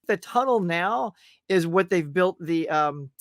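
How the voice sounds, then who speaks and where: A man's voice: sits high, expressive, unhurried, no echo, studio quality. A man hosting a casual interview, talking enthusiastically, laughing often and rambling through his stories. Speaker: podcast host.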